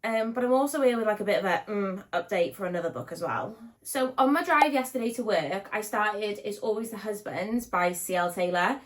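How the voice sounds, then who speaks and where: A woman's voice: medium pitch, expressive, brisk, few pauses. A young British woman chatting at home in a casual book vlog, bubbly and gushing, with lots of likes and ums. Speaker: book vlogger.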